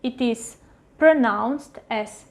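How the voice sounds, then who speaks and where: A woman teaching a pronunciation lesson at a whiteboard, repeating each word slowly several times. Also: a little high. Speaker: language teacher. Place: at a whiteboard with a marker.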